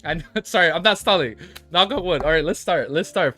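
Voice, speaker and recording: A man's voice: a little high, animated, fast, bright, forceful tone. A young man streaming, chatting casually and rambling with lots of swearing and restarts, faint music playing behind him. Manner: rambling, swears a lot, restarts and self-corrects. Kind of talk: casual livestream chat.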